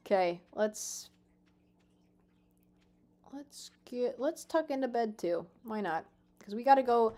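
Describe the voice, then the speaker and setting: Woman in her twenties, game streamer, casual chat, swears a lot, excitable, desk mic at home. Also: fairly high pitch, slow pace, long pauses. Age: 20s. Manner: swears freely, excitable, self-mocking.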